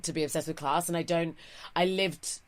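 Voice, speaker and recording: A woman's voice: low voice, steady tone, moderate pace. A woman in her thirties with a posh English RP accent, a comedian doing stand-up and then chatting in an interview with a wry, self-mocking manner. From England. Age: 30s. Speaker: comedian, guest. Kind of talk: stand-up set, then casual interview chat.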